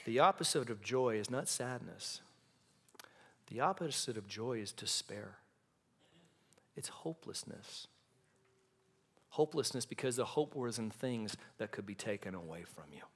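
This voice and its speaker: A pastor preaching a sermon in a church, building to impassioned peaks and dropping to hushed, quiet lines. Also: male voice, on the low side, animated, unhurried, creaky, long pauses, slightly rough. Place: church sanctuary.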